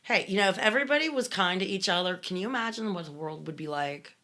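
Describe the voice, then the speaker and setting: A woman co-hosting a podcast as a former cult member, chatting casually and telling animated stories with quoted asides, a little tired. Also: medium pitch, quick pace. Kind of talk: casual chat.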